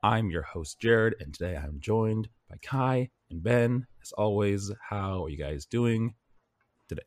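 Deep-voiced American man hosting a podcast. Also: expressive, unhurried, dry recording. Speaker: podcast host. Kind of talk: casual gaming podcast chat.

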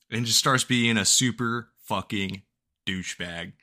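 Profane, bright-voiced podcast host. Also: male voice, fairly low pitch, measured pace. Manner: profane, joking, laughs often. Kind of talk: casual chat recapping a video game.

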